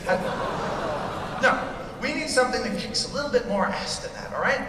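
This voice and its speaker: High-voiced ranting male comic. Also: sing-song, fairly quick. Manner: mock-pompous, crude, ranting. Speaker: stand-up comedian. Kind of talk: ranting stand-up set. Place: large convention hall stage. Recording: echoey hall recorded from far off, crowd noise. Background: audience laughing and cheering.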